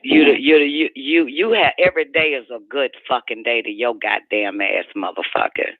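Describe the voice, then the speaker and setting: A man's voice: medium pitch, moderate pace, noisy background, natural voice. A man voicing a furious woman who rants and curses scornfully at her partner, over a phone-like radio line. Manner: profane, shouting, scornful rant.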